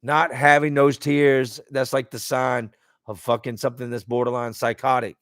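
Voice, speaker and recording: A man's voice: medium pitch, little pitch movement, moderate pace, no room sound, clean studio sound. A man hosting a live stream, reading out viewer comments and talking candidly and emotionally. He speaks casually and bluntly, swearing at times and repeating words as he searches for them.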